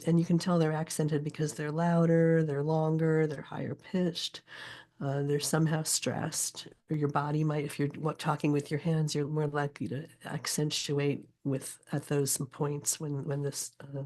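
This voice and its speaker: In a relaxed interview, an older poet and teacher talks through her subject in a low, warm voice with a flat delivery. She comes across as thoughtful and frequently pauses while hunting for the right word.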